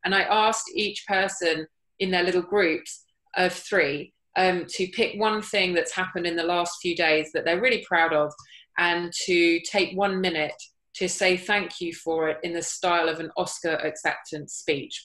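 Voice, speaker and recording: A woman guest speaker on a video call, telling stories about her workshop exercises in a lively, playful way. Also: lowish voice. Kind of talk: casual call talk. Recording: echoey room.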